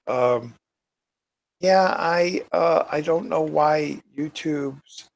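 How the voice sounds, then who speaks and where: A man's voice: a little high, very slow, vocal fry. A tired man hosting his own channel, chatting casually and reading viewer comments aloud in a rambling, muttering way. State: tired, yawning. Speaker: YouTube channel host. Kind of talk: casual live-stream chat.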